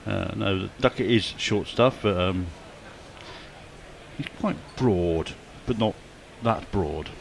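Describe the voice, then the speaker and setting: A man's voice: lowish voice, takes it slowly, creaky, long pauses, slight background noise. A man reading social posts on a cricket show with wry, dry humour. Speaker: cricket commentator. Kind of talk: casual chat reading socials.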